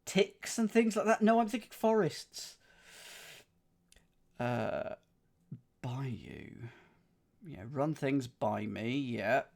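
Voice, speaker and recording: A man streams himself solving a crossword and muses aloud as he goes. His pitch rises and falls in a lively way. He often stops to question or correct himself and turns to his chat for help. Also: drawn-out words, gravelly, pauses often. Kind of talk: thinking aloud while solving, chatting with live chat.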